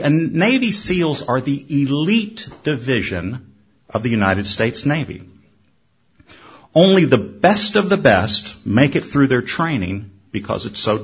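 A man preaching a sermon in measured, storytelling delivery with dramatic pauses. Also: mid-range voice, vocal fry, husky. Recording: dull lo-fi recording.

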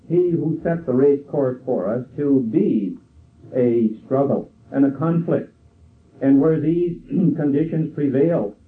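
An older man preaching a sermon in a slow, measured way, quoting scripture. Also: mid-range voice. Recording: tinny phone-like sound from far off.

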